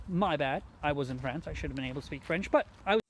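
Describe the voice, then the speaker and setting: A host recounting a mishap in a loose, casual way. He is animated and self-mocking, and he slips into the voices of the people in his story. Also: mid-range voice, quick pace, a little hiss or hum. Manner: animated, self-mocking, acts out quoted lines. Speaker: podcast host telling a story.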